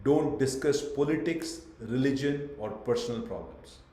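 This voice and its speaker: A man's voice: mid-range voice, moderate pace, mellow. Male corporate trainer teaching over a webcam, punchy lists, roomy echo. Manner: emphatic, lists points in short bursts; asks the class questions. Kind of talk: online training lecture. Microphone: webcam on a video call.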